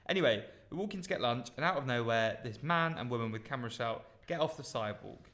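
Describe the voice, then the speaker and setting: A man's voice: mid-range voice, animated, quick pace, fairly bright tone. Chatty man reading emails aloud. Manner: chatty, reads listener emails aloud with asides. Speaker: podcast co-host. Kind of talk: casual chat.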